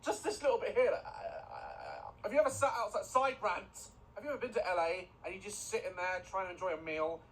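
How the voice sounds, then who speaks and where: A man's voice: sits high, fairly even intonation, quick pace, hardly any pauses, fairly bright tone, a little hiss or hum, low-quality recording. A man streaming a game, giving mocking, exasperated commentary. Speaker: gaming streamer. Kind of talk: sarcastic reaction commentary.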